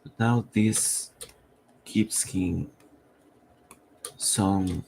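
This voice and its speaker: A low-voiced man with a gravelly, strained edge talks through his drawing on a live stream. He is losing his voice and thinks aloud in a slow, halting way that wanders as he works. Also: darkish tone, a little hiss or hum. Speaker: comic artist.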